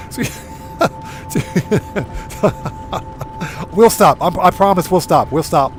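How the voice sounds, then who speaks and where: Male game streamer, lively up-and-down voice, fairly high, giggly dad-joke teller, faint music behind. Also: extremely slow, long pauses. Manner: giggly, telling dad jokes and laughing at them; reads chat messages aloud. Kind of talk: live gameplay stream chat.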